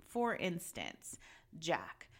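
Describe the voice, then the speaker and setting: A woman in her thirties giving casual, chatty advice as a parent, animated and laughing often as she talks. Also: deep voice, extremely slow, slightly rough. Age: 30s. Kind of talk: casual chat.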